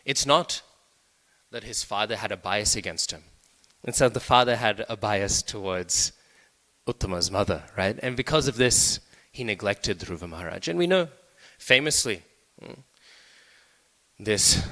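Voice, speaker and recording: A man's voice: lowish voice, fairly bright tone. A man giving a scripture class in a conversational way, often checking in with the listeners. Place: temple hall. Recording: long reverb of a temple hall.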